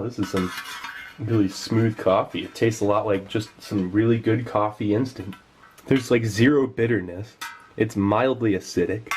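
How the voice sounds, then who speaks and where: A man's voice: lowish voice, noisy background. A man giving casual, enthusiastic commentary while tasting old rations, sometimes talking with his mouth full. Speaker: food tasting vlogger.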